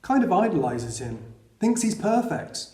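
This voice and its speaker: A man's voice: high-pitched, very animated, measured pace, darkish tone, echoey room. A man reading the lines of a worried mother who explains things hesitantly. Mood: troubled. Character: worried mother, earnest and confiding.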